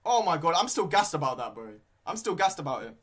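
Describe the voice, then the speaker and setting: A young man giving live, excitable fan commentary on a football match, full of slang and shouting at big moments. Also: a little high, quick pace, slightly rough. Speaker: fan commentator streaming a watchalong.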